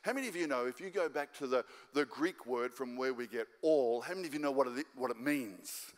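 In a large church auditorium, an Australian guest pastor preaches in a mid-range voice at a brisk pace. His exhortation is fired up and repetitive, hammering the same points over and over.

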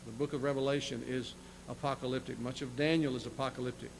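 A man's voice: mid-range voice, steady tone, quick pace, creaky, low-quality recording. Male pastor, mid-range voice, sermon delivery, reads scripture then comments, slight hum in the recording. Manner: reads scripture aloud, then explains in plain asides; repeats words and restarts phrases. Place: church sanctuary.

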